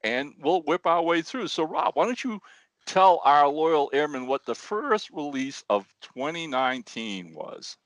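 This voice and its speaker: Animated man co-hosting a podcast. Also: on the high side, a little slow, dry recording. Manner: animated storyteller, restarts words. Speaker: podcast co-host. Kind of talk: casual podcast chat.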